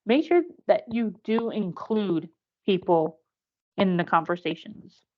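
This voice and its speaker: A woman's voice: medium pitch, takes it slowly. A woman giving an instructive online presentation, offering direct, earnest advice and acting out short examples, heard over a video call. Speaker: workshop presenter. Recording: dull lo-fi video-call audio.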